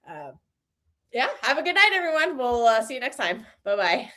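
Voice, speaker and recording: Chatty woman hosting a late stream, high voice that jumps all over, laughs a lot. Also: normal speed. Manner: chatty and animated, laughs often. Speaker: stream host. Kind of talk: casual late-night chat.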